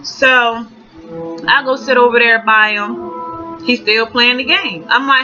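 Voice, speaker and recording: A young woman casually telling a storytime tale, profane and animated, acting out both sides of the conversation. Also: a little high, slow, long pauses, dull audio, music in the background.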